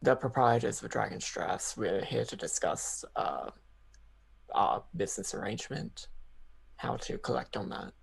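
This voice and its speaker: A woman's voice: very deep voice, unhurried, creaky, slightly rough. A woman playing a tabletop game, speaking hesitantly and thinking aloud. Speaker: player. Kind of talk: casual tabletop game play.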